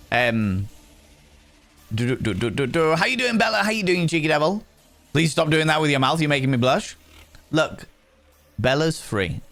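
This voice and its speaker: A man chats with his viewers on a live stream in a loose, teasing way, and his pitch swings up and down with plenty of life. Faint music plays softly behind him. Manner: playful, teasing, greets viewers by name. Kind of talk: casual live-stream chat.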